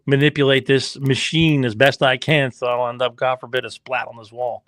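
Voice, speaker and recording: A racing team owner and father swaps stories on a podcast in a lively, profane way. He jumps into the voices of the people in his stories. The recording is close and dry, with a mid-range male voice. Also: medium pitch, moderate pace, no echo. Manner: animated storyteller, acts out quotes, swears freely. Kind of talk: casual podcast chat.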